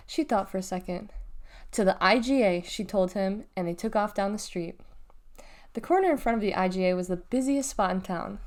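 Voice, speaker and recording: A woman reading a children's novel aloud in a lively, expressive storytelling manner. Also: mid-range voice. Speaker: reader.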